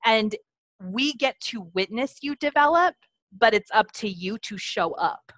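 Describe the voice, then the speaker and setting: A woman's voice: fairly high pitch, lively intonation, unhurried, a bit bright, dry recording. Candid, laughing woman co-host, dry sound. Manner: candid, laughs often, swears freely. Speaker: podcast co-host, psychic medium teacher. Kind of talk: casual chat.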